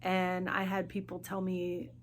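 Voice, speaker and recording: A middle-aged woman hosts a personal podcast in a low, fairly even voice. She talks earnestly and haltingly, starting over as she looks for words. A faint hum sits behind her. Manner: speaks openly of grief and faith. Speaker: podcast host. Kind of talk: personal monologue.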